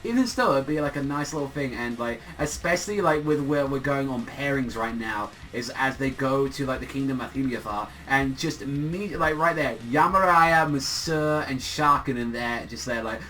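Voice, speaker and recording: A man's voice: medium pitch, fairly quick, few pauses, sharp tone, slight background noise, rough recording. A man casually reviewing a manga chapter, rambling with lots of fillers and plenty of swearing.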